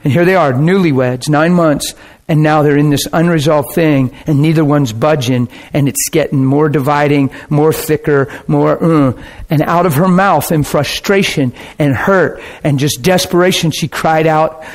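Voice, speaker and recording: Male pastor, high voice, animated sermon storytelling with sound effects. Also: moderate pace. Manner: preacherly, asks listeners questions.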